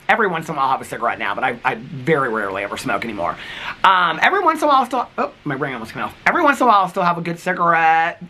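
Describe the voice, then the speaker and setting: A man's voice: fairly high pitch, pushed and bright. A man in his fifties vlogging in a rambling, chatty way, telling stories with many fillers and laughs. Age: 50s. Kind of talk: casual chat to camera.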